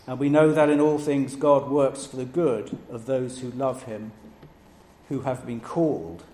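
A man's voice: medium pitch, level tone, a little mellow. Man preaching in an echoey room. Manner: measured, emphatic preaching with listed phrases. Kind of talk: sermon. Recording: echoey room with faint background noise.

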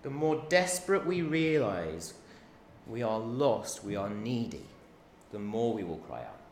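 A man's voice: on the low side, big pitch swings, a little slow, darkish tone. Guy preaching a sermon, gets really into acting out the quotes, echoey room w a bit of hiss. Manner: impassioned, acts out cries and crowd voices. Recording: roomy hall echo, faint background noise.

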